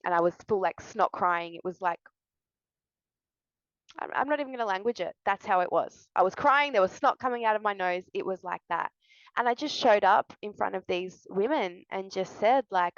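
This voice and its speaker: A woman's voice: medium pitch, normal speed, dry recording, muffled recording. Give me an earnest woman healing coach talking candidly, in a dry, close-sounding room. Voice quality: soft, earnest, confessional. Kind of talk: candid personal share to camera. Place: indoors with a fan running.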